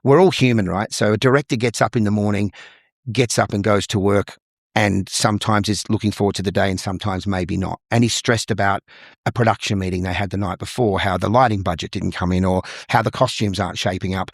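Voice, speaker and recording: Australian man with a low voice. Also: steady tone, fairly quick, creaky, dry recording, clean studio sound. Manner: thoughtful storyteller who acts out little dialogues. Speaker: guest, musical theatre performer and vocal coach. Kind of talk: casual interview conversation.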